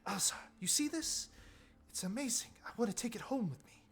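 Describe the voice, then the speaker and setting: A man voicing an excitable male scholar, eager and marvelling at ancient technology. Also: extremely high pitch, a little fast, voice pushed up, full character voice.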